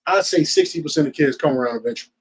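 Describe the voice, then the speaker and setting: A man's voice: fairly high pitch, wildly swooping pitch, racing, creaky, slight background noise, rough recording. A man with a New Jersey accent preaching to a group in an emphatic, streetwise, slangy way.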